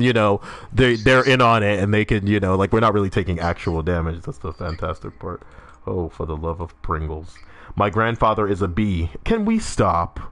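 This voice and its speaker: A man's voice: lowish voice, a bit bright. A young man streaming a game, rambling casually, swearing, and laughing at his own jokes while reading chat. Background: music.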